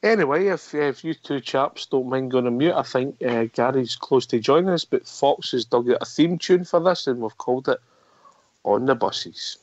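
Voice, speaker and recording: A man's voice: medium pitch, moderate pace. A man hosts a live call-in show in a matey, joking tone. He asks his guest questions, and his voice sounds dull and muffled, with a dry, close sound and no room echo. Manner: matey banter, says "mate" a lot. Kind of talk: casual chat.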